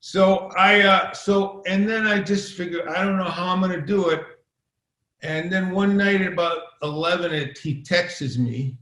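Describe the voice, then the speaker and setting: A man's voice: sits high, a little slow, a bit bright. Rambling storyteller man in a roomy space. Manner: rambling, profane, acts out quoted exchanges. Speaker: podcast guest, filmmaker. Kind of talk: casual storytelling. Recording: roomy echo.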